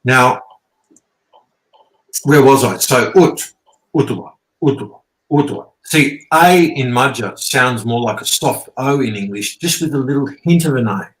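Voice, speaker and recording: A man's voice: medium pitch, a little slow, fairly bright tone. A man, rambling and swearing as he explains things casually, often checking in with "okay?". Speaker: guest teacher. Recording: roomy echo.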